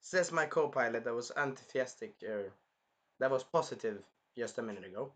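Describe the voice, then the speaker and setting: A young man reviewing an anime episode in casual, animated chat, swearing freely as he talks. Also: mid-range voice, brisk. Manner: animated, swears, acts out scenes in funny voices.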